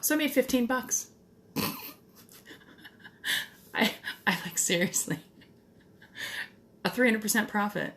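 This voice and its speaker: A woman's voice: fairly high pitch, expressive, a little slow, long pauses, a bit bright. A middle-aged woman talking casually to the camera in a DIY vlog, chatty and blunt, with some mild swearing. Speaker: DIY vlogger.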